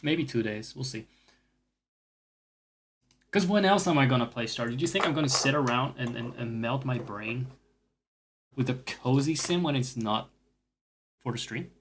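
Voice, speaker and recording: A man's voice: mid-range voice, moderate pace, long pauses, a little hiss or hum. A man streaming games, talking casually in a rambling, profane way, with self-mocking asides. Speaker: game streamer. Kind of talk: casual chat while gaming.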